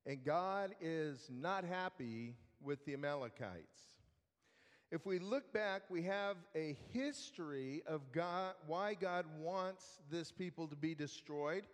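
Man, Bible teacher, high voice, unhurried lecture, long reverb of a hall. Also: lively intonation. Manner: slow, conversational, with fillers and restarts.

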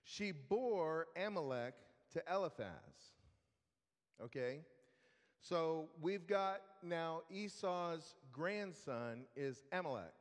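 A man teaching a Bible study lesson in a relaxed, conversational way, with fillers and restarts. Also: fairly high pitch, slow, big-room sound.

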